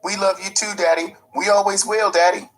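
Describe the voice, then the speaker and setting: A man voicing a frightened ten-year-old boy who pleads with his stepfather in a high, tearful voice. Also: steady tone, normal speed, close to an everyday voice. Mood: pleading. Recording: faint music underneath.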